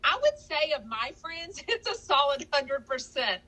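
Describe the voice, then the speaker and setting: A woman from Texas in her forties chats on her podcast with a high, bright voice. She talks in a gushing, chatty way, quick to laugh. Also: sing-song, poor audio. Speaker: podcast co-host. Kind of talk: casual podcast chat.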